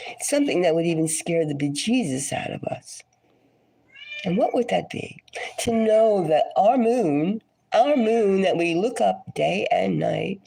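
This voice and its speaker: A woman giving a casual tarot reading, her voice scratchy and hoarse from a cold, rambling and dropping now and then into a whisper. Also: medium pitch, lively intonation, measured pace, warm tone. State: hoarse, getting over a cold. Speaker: tarot reader.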